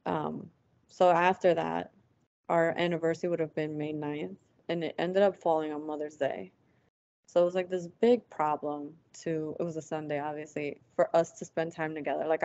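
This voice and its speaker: A woman's voice: low voice, steady tone, moderate pace, a little mellow, dry recording. A woman guest on an interview show, telling a personal story casually, acting out past conversations and using lots of "like" fillers. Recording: dull lo-fi, dry sound.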